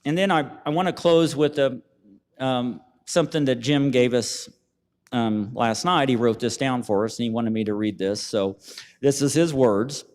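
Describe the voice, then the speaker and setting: A man giving a halting, emotional eulogy at a memorial service, reading letters from family. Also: medium pitch, a little mellow. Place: event venue, livestreamed. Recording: long reverb of a hall.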